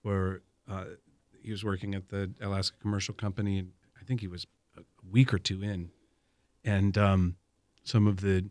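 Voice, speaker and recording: A man telling an anecdote as an interview guest, chuckling often and climbing higher as he warms up. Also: little pitch movement, moderate pace, no room sound. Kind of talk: anecdotal storytelling.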